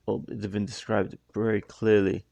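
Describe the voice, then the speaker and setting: A man with a low, gravelly voice talks through a music video in a casual reaction style. He muses out loud, starts and restarts his thoughts, and slips in apologetic asides. The sound is dry and close, with no room echo. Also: level tone, normal speed.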